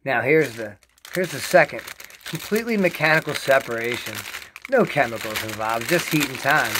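Excitable rambling man demoing at home. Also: mid-range voice, noisy background. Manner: excitable, rambling, repeats himself. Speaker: home rosin-press vlogger. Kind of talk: casual how-to demo. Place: home basement.

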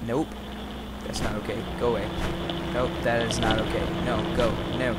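A man's voice: mid-range voice, normal speed. A young man commenting on a game as he plays, frantically repeating no and yelping. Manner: frantic, repeats "no" over and over, sudden yelps. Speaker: gamer. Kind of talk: let's play commentary. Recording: loud steady background noise.

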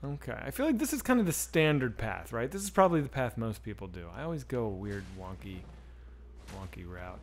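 This is casual livestream chat from a gamer in his forties who curses and talks loosely with viewers as he plays. His medium-pitched voice is animated and a little fast, with slight background noise.

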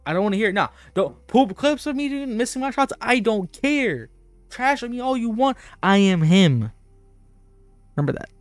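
A young man rambling over his gameplay in a cocky, joking way, his voice sitting high and swooping all over the place. He keeps hyping himself up with playful swagger, and faint music runs underneath. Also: big pitch swings, measured pace, no room sound. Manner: boastful, playful, hyped-up and repetitive. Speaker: gaming YouTuber. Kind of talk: casual gameplay commentary.

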